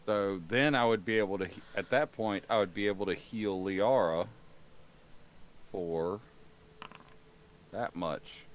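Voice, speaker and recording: A man's voice: lowish voice, measured pace, pauses often, slight background noise. A man playing a tabletop game, talking loosely and jokingly, with some swearing. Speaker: player. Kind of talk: casual chat at a tabletop game.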